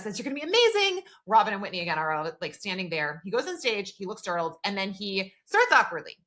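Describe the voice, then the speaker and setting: Bright-voiced woman recapping a TV episode. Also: medium pitch. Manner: retells scenes at length, quoting characters, many "like" fillers. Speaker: podcast co-host. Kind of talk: casual TV recap chat.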